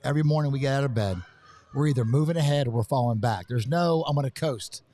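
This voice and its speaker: A man's voice: medium pitch, fast, dark tone, no echo. A man being interviewed live at a business conference, pumped up and rambling, often saying how fired up he is. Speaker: event guest. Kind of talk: excited live interview chat. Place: hotel conference venue.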